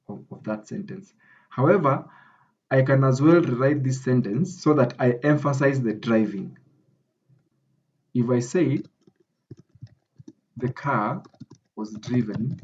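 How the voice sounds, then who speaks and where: In this muffled screen recording, an academic writing tutor with a Kenyan English accent walks through grammar, often pausing to ask "okay?". His voice is medium-pitched with a darkish tone.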